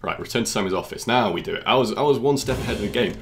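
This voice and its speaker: Excitable young British man gaming. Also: lowish voice, rapid-fire, faint music behind. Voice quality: jumpy, exclamatory, jokey. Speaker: gaming YouTuber. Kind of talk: excited let's-play commentary.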